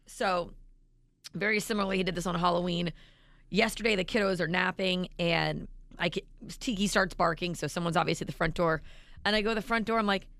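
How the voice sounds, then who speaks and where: Woman, thirties, radio co-host, gravelly, dry close sound, animated storytelling. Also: fairly low pitch, a little fast, no room sound. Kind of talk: casual radio banter.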